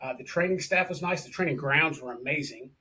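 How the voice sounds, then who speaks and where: A man's voice: fairly high pitch, a little fast, pushed and bright. A man hosting an interview podcast, chatty and enthusiastic, talking casually to his guest and calling him brother. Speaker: podcast host.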